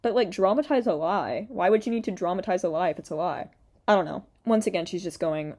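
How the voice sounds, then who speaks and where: A woman's voice: lowish voice, fairly quick, darkish tone. A young woman doing reaction commentary, sarcastic and exasperated, swearing freely. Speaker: commentary youtuber.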